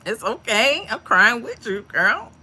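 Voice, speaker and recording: Bright chatty woman host. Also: on the high side, a little slow, breathy edge. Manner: chatty, animated, calls viewers mama and honey. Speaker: lottery livestream host. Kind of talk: casual livestream chat reading comments.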